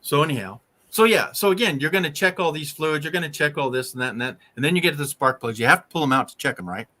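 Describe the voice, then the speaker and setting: Male host, emphatic coach type, slightly high and bright, always checks in with the listener. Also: animated, fast talker. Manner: emphatic, keeps checking in with "right?" and "okay?". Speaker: RV channel host. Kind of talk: casual coaching chat.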